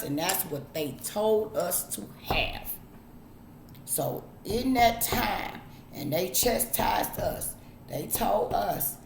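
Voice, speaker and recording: In a casual monologue to camera, a very animated woman vlogger lectures her audience bluntly in a low, unhurried drawl, swearing freely. Her voice echoes around the room, with a faint hiss underneath.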